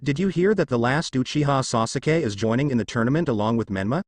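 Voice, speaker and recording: A man's voice: medium pitch, quick pace, no room sound, lightly acted. A man voicing a chatty townsperson gossiping in a read-aloud fan story.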